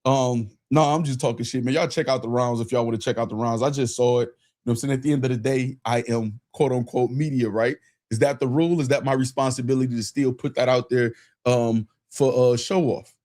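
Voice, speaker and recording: A man hosting a casual livestream, excitable and profane, shouting out chat and repeating himself. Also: mid-range voice, a little fast. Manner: profane, laughing. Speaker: livestream host.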